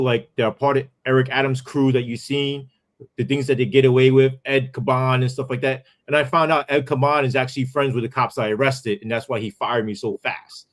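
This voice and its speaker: A man, a former police sergeant who tells his story as a podcast guest in a heated, profane way, full of asides. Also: mid-range voice.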